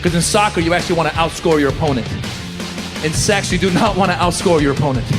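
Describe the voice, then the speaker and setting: A man doing a stand-up comedy set, loudly working the crowd on a club stage. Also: a little high, fast talker, music in the background. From Iran. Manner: loud animated crowd work. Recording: live club with crowd noise. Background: audience laughter.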